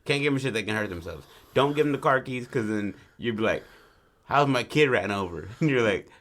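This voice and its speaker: Bright-voiced joking male co-host. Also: mid-range voice, lively intonation, fast. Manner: joking interjections, laughing often. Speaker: podcast co-host. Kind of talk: casual chat.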